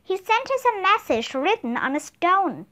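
A woman's voice: normal speed, full character voice. A woman doing an eager nine-year-old girl. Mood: chatty. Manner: high, excited, chatty.

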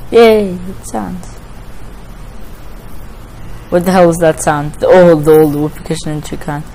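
A woman's voice: low voice, level tone, brisk, warm tone, a little hiss or hum, low-quality recording. A woman giving casual let's-play commentary on a story game, emotional, often pleading and exclaiming. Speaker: gamer playing a story game.

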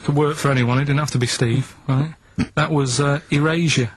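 A man's voice: on the high side, steady tone, brisk, slight background noise, rough recording. A man on a radio show, plainly and stubbornly explaining quiz clues and checking in with "right?" as he goes. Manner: plodding, matter-of-fact explaining, keeps asking "right?". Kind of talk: casual radio banter. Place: radio studio. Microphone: studio microphone.

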